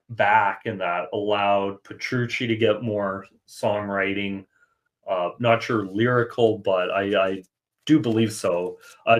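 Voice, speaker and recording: A man hosting a music podcast, chatting casually and thinking aloud with fillers. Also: lowish voice. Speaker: podcast host. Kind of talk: casual chat.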